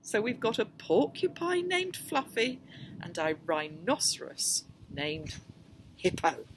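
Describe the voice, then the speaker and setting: A woman reading a picture book aloud to children, gentle and expressive. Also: on the high side, slow, a little hiss or hum. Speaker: storyteller.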